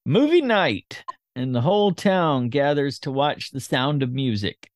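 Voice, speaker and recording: A man hosting a podcast, summarizing a movie plot scene by scene in a steady, informal way. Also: medium pitch, measured pace, dry recording, studio quality.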